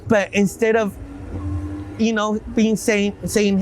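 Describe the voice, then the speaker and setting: A man's voice: high voice, level tone, takes it slowly, a little hiss or hum, low-quality recording. A man being interviewed outdoors, telling his life story with earnest faith, often repeating words as he talks. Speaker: interview guest. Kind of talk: emotional personal storytelling. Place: outdoors in a city.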